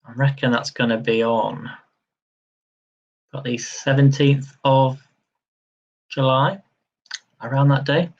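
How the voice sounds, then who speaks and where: A man's voice: medium pitch, fairly even intonation, takes it slowly, pauses often, darkish tone, highs cut off. A man hosting a live-stream quiz, chatty and upbeat, laughing easily as he reads questions and counts down. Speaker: quiz host.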